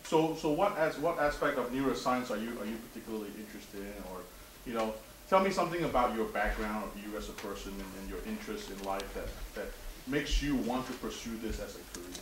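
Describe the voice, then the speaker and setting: A man's voice: on the low side, animated, fast, fairly bright tone. A man running a mock interview at a seminar, often stammering and repeating words while he asks questions. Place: seminar room. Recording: roomy, distant, noisy room recording.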